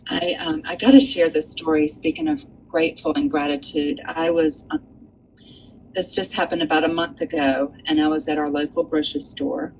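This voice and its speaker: A woman with a slightly low voice tells a story from her own life, earnest and animated, with plenty of ums and you-knows. A faint hum sits under the recording. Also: normal speed, low-quality recording. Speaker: author and guest. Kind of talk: storytelling in a casual chat.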